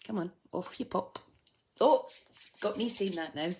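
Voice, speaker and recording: A Scottish woman with a medium-pitched, slightly mellow voice and lively intonation chats unhurriedly to live viewers while demonstrating a craft project. She's chatty and makes jokes at her own expense as she works.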